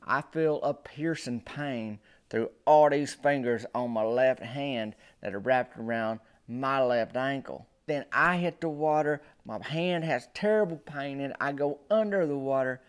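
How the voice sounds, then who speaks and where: A man telling a comic story in a folksy, animated drawl. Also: mid-range voice, measured pace, hardly any pauses, smooth. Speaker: storyteller and comedian.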